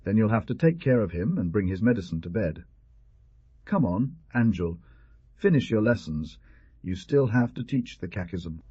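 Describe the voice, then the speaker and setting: A man voicing a young mother who questions and coaxes her son in a gentle, anxious manner. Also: fairly low pitch, expressive, normal speed, husky, dry recording. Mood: anxious coaxing. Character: tender worried young mother. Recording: dull, dry lo-fi recording.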